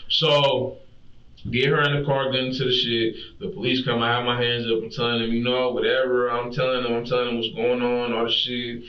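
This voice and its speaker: A man's voice: medium pitch, level tone, a little fast. A young man in his twenties, a suspect in a police interrogation, talking in a distressed, rambling, slangy way. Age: 20s. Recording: roomy, distant, muffled interrogation room audio.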